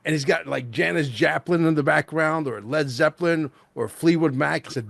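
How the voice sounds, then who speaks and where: A male host in casual interview chat, excitable and rambling, peppering his talk with "bro" and "like". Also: a little high, moderate pace, gravelly, few pauses, dry recording.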